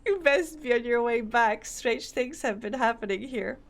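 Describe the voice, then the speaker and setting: A woman reading game dialogue aloud, voicing a gruff, superstitious old fisherman who boasts in a rustic dialect. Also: a little high, normal speed, natural voice. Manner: rustic dialect, dropping grammar.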